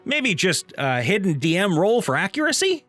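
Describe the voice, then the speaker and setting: An animated man reads online stories aloud in a bright, lively voice. He sits slightly high for a man, playful throughout, with soft music behind him. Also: normal speed. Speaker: narrator reading viewer stories. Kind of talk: reading online comments aloud.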